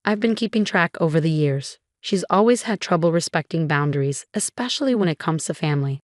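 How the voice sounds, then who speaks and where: Woman reading a weary older dad, heavy tone, low voice, dry sound. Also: expressive, brisk, no room sound, close to an everyday voice. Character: older father, tired and regretful.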